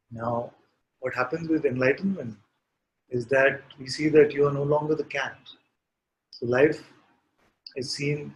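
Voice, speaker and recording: Calm man teaching in dialogue. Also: medium pitch, low-quality recording. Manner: calm, unhurried, asks probing questions. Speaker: spiritual teacher. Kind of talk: satsang dialogue.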